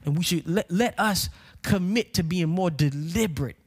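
Man, pastor, Southern country twang, high-pitched, sermon, builds to shouting, says y'all. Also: normal speed, slightly rough.

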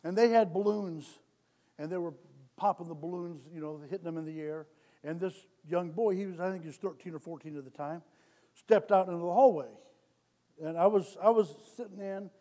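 A man with a notably high voice delivers a sermon in a church, circling back on his phrases and asking the room for amens. He starts conversational, then drives his points home louder and harder. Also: a little fast. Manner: repetitive, calls for amens, builds to loud exhortation. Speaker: lay preacher. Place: church sanctuary.

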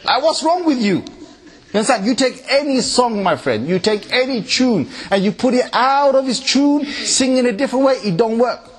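A man giving a lively lecture to an audience in a mosque, chanting Arabic recitation and mimicking tunes with big pitch jumps. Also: normal speed, breathy edge. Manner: recites Quran in Arabic in varied melodies. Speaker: Islamic preacher.

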